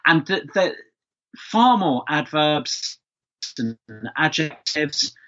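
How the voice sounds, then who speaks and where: A man's voice: fairly high pitch, animated, takes it slowly, sharp tone, dull audio. A man with a London accent, talking chattily as a guest on a podcast, with lots of fillers and restarts. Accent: London English. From England, London. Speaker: guest, speech expert. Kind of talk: casual podcast conversation.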